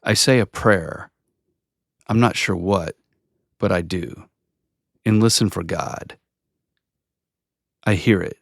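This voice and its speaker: A man reading his own narrative poem aloud in a measured, unhurried, contemplative delivery. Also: low voice, creaky, no room sound, clean studio sound. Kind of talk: slow reflective poetry reading.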